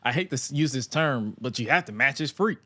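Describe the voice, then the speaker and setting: A man's voice: mid-range voice, animated, a little fast, bright, forceful tone. A man co-hosting a casual chat, rambling with lots of "like" and acting out voices. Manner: rambling with many "like" restarts, acts out wrestler voices. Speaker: podcast co-host.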